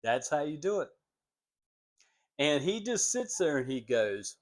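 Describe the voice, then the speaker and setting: A man recorded at home, unhurried and casual, telling a long story about his family. His voice sits a little high and swings hugely in pitch as he slips into the people he quotes. He talks slowly, pausing between short phrases. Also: big pitch swings. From United States. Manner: rambling, acts out quoted voices with big pitch jumps. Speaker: vlogger telling family stories.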